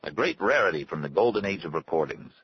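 A man's voice: low voice, animated, fast. A man reading a showy, fussy record collector. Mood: boastful. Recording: dull lo-fi audiobook with faint hiss.

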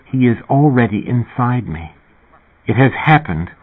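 A man's voice: medium pitch, animated, measured pace, slightly rough. A man reading the inner thoughts of a sickly pregnant woman in a sardonic, wry monologue. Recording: narrow, phone-like sound.

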